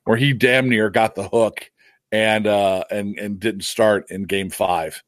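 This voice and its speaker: A man's voice: on the low side, steady tone, takes it slowly, no room sound. A man co-hosting a casual sports podcast, chiming in with short remarks and brief analysis. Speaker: podcast co-host.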